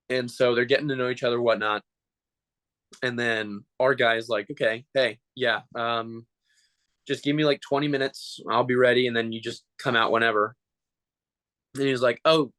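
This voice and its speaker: A man who performs as a mascot, telling animated, joking stories in a casual interview. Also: mid-range voice, no echo, low-quality recording.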